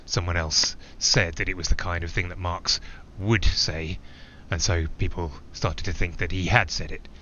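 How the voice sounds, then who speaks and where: A low-voiced, musing lone pilot. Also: male voice, steady tone, moderate pace, hardly any pauses, sharp tone, dull audio, a little hiss or hum. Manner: reflective, digressive, with small hesitations. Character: a man flying alone, musing and rambling. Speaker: narrator-pilot. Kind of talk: theatrical monologue.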